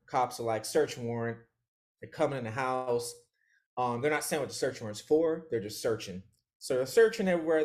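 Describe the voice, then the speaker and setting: A man as an interview guest, telling a story in casual chat. He talks with animation, laughs often and acts out other people's lines. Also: medium pitch.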